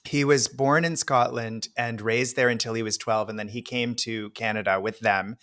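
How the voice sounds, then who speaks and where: A man co-hosting a podcast, recounting an anecdote in a measured, amused way. His voice sits at an average pitch for a man. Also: fairly even intonation, a bit bright. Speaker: podcast co-host. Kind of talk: casual storytelling chat.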